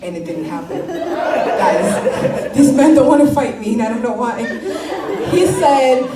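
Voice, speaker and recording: Woman, stand-up comic, fairly high voice, laughing, swearing, mocking, roomy sound, distant mic. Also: a little slow, a crowd in the background. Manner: animated, laughing often, swearing, mock-quoting people. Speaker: stand-up comedian. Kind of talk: stand-up comedy set.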